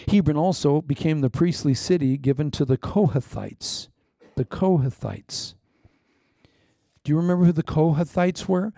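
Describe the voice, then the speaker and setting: A male pastor delivers a lively sermon, breaking into laughter and acting out little scenes along the way. His voice sits a bit high for a man, with a gravelly, mellow texture. The sound is close and dry. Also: no echo. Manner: animated preaching with laughing asides and playacted anecdotes.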